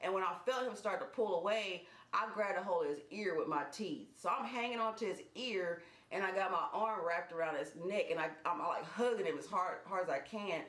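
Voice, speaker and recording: A woman telling a personal story in casual vlog style, animated and speeding up in quick bursts. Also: lowish voice. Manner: animated, fast bursts when retelling action. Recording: echoey room.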